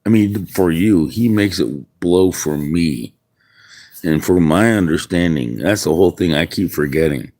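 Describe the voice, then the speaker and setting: Low-pitched male streamer, unhurried, rambling chat, outdoors. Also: animated, darkish tone. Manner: rambling, musing aloud. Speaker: livestreamer. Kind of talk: casual livestream chat. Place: outdoors in the wind.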